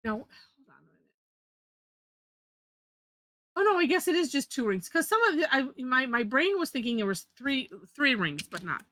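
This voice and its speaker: A woman's voice: high-pitched, very animated, normal speed, long pauses, a bit bright, no room sound. A woman leading a live drawing lesson, chatty, correcting herself and laughing often. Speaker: drawing instructor.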